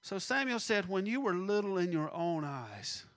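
A man's voice: sits high, very animated, normal speed, fairly bright tone. A man preaching a sermon, acting out the voices in the scripture and dropping to a near-whisper at times.

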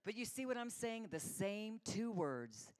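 A woman's voice: mid-range voice, measured pace. A middle-aged woman teaching a sermon, telling personal stories and acting out the voices in them. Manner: animated storyteller acting out voices. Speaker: women's Bible teacher.

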